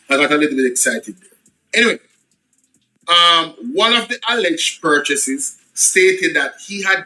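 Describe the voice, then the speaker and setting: A Jamaican man with a high, very sharp and bright voice reads an official report aloud. He drops into patois asides between the formal passages. He often stops to repeat phrases for emphasis. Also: poor audio. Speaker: political commentator. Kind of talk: reading a report aloud with reactions.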